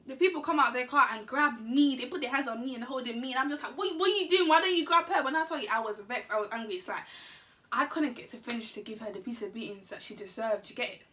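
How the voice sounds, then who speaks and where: A woman telling a story to camera in an animated, slangy, laughing way. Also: a little high, distant mic, slight background noise. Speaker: vlogger. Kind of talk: casual storytime.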